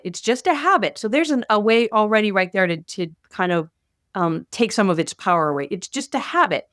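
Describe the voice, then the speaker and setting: A middle-aged woman co-hosting a podcast, talking in an animated, playful, self-deprecating way. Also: mid-range voice, no room sound, studio quality. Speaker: podcast co-host. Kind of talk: casual chat.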